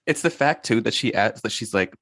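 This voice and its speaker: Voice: mid-range voice, expressive, fairly quick, a bit bright, dry recording, studio quality. A podcast co-host in casual chat about a movie, laid-back and opinionated, cursing casually.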